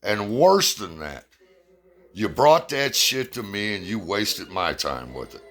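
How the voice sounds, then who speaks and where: A man voicing a stern, weary male lion king who speaks slowly and scolds in a fable. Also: on the low side, very animated, a bit bright, exaggerated voice. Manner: slow, measured, scolding. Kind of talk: storytelling a fable.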